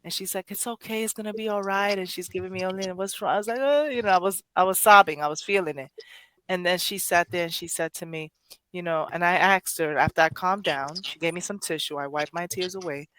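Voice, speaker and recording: A woman's voice: on the low side, brisk, a bit bright. A woman hosting a poetry podcast, speaking emotionally in casual chat, rambling with many restarts and self-corrections. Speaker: poetry show host.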